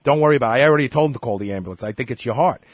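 A man's voice: mid-range voice, racing, no room sound. A middle-aged man hosting a show, telling a story in casual chat and acting out the dialogue. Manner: animated storyteller, acts out dialogue. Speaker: show host.

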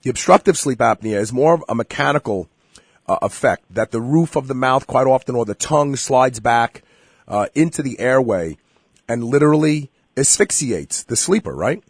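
A man's voice: mid-range voice, animated, normal speed, slightly rough, no room sound, studio quality. A man hosting a radio health interview, talking emphatically and speaking straight to his listeners. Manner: emphatic, direct address to listeners. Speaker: radio show host.

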